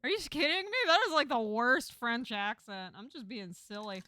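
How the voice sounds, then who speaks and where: A woman with a Texan accent streaming a game, reading it aloud, playful and quick to swear and laugh. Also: on the high side, very animated, pushed and bright.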